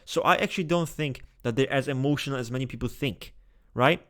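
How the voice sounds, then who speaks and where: A man hosting a casual tier-list video, talking straight to his viewers in a blunt, excitable, swear-heavy way. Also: mid-range voice, fairly quick. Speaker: typology video host.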